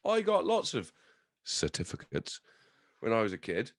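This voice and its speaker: A man hosting a podcast, chatting casually with blunt, sweary banter and animated storytelling. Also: lowish voice, moderate pace, no echo, studio quality. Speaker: podcast host. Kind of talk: casual chat.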